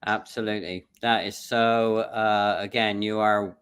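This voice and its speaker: Male interview host, smooth clear voice, chatty and encouraging. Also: on the low side, flat delivery, measured pace, a bit bright. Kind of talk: casual interview chat.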